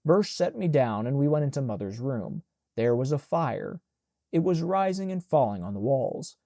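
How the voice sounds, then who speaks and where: A man narrating an audiobook in a measured, plain and even manner. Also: medium pitch, dry recording, studio quality. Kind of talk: scripted narration.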